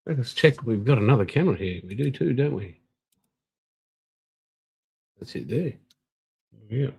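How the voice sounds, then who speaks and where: A man's voice: mid-range voice, lively intonation, unhurried, gravelly, a little mellow, slightly rough, rough recording. An older Australian man, tired, hosting a live stream and rambling casually while greeting viewers. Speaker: livestream host.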